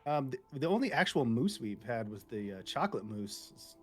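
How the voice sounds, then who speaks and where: A man voice director chatting casually in a roundtable, playful and quick to slip into joke accents. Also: medium pitch, sing-song, soft background music.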